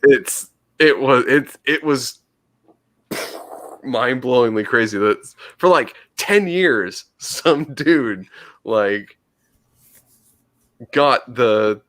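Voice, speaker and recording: A man with a bright, forceful voice co-hosts a casual podcast chat. He talks in an animated way, swears freely, and often trails off and restarts. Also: mid-range voice, drawn-out words, pauses often. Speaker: podcast co-host.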